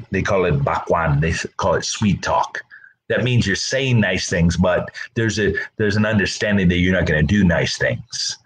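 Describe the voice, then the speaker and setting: A man's voice: sits low, a little hiss or hum, low-quality recording. A middle-aged man pastor giving a casual Bible talk, conversational, often repeating words and acting out the people he quotes.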